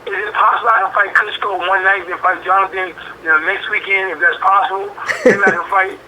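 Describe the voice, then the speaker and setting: A man in his forties giving an interview as a boxer, talking in an animated way, repeating phrases and using lots of fillers. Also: high-pitched, brisk, over a noisy crowd, poor audio. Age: 40s. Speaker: boxer guest. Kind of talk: interview talk.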